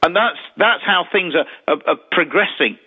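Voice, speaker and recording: A man with a slightly high voice tells ghost stories in an animated way, often stumbling over and repeating his words. The sound is thin and tinny, like a phone line. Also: moderate pace, breathy edge. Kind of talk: casual chat telling ghost stories.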